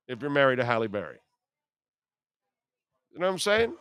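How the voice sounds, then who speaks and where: A man's voice: mid-range voice, sing-song, brisk, pauses often, a bit bright, no room sound. A man in his fifties hosting a sports radio show, telling brash, profane stories in a casual way.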